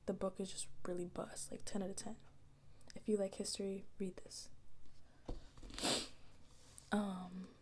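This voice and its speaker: Soft-spoken young woman rambling. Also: mid-range voice, little pitch movement, a little slow, pauses often, a little hiss or hum. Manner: casual slangy storytelling, drifting between soft voice and whisper. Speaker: ASMR creator.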